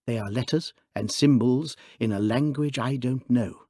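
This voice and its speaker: A male audiobook reader voicing a small, mild priest who speaks in a low, dreaming, intense way. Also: moderate pace, warm tone, dry recording, studio quality, lightly acted. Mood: dreamy, ominous.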